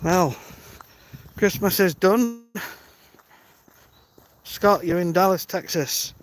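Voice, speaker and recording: A man's voice: sits high, slow pace. A man in his thirties chatting casually on a live stream while walking outdoors, greeting viewers by name. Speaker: vlogger on a live-streamed walk. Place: outdoors on a village road at dawn, walking. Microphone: phone held while walking.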